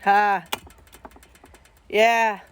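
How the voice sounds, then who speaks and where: A woman's voice: mid-range voice, flat delivery, extremely slow, slight background noise. A woman, chatting casually and bluntly to her viewers as a streamer, swearing freely. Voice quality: blunt and profane, talks straight at viewers. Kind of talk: casual chat.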